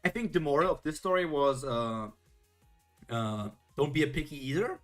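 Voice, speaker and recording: Brief: woman streamer, lively sing-song reading voice, playful asides, faint music underneath. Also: low voice, normal speed. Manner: playful, theatrical, jokey asides. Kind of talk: reading old children's rhymes aloud with comments.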